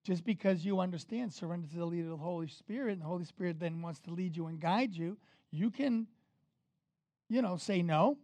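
Emphatic preacher with a dry sound. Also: male voice, high-pitched, a little fast, no echo. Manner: emphatic, rises and falls in loudness, talks straight to the congregation. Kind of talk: sermon.

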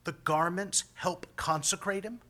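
A man's voice: high voice, a little slow, bright, forceful tone. A man preaching a sermon as pastor, talking in a folksy, conversational way with homespun phrases.

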